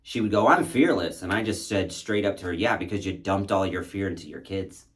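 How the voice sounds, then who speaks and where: Deep-voiced man telling a personal story. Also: steady tone, a little fast. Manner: candid, reflective, acts out his own quoted thoughts. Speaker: spiritual content creator.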